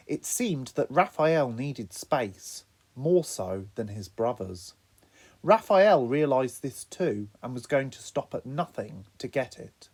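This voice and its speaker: A man narrating an audiobook, expressive storytelling. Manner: expressive storytelling with lively pitch.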